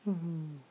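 A person doing a whispered role-play, murmuring softly and sleepily as an unwell partner being cared for. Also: medium pitch, slight background noise. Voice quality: gravelly creak. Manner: soft, sleepy, affectionate murmuring.

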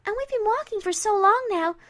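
A woman voicing a cheerful young filly pony with a squeaky, eager manner in a storybook reading. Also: expressive, fairly quick, fairly bright tone, no echo. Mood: triumphant.

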